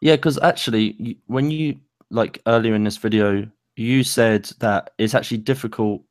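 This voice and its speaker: A young man co-hosting a casual chat about songwriting, talking loosely with many fillers and pauses. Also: fairly low pitch, dry recording, studio quality. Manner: loose, lots of fillers and likes, pace speeds up and slows. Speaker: co-host.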